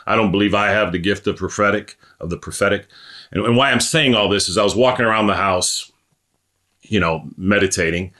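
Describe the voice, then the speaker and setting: Deep voiced preacher guy, lots of um and you know, repeats himself, gets worked up. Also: sharp tone. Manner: halting, repeats words, fillers, grows emphatic. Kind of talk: prayer and sermon.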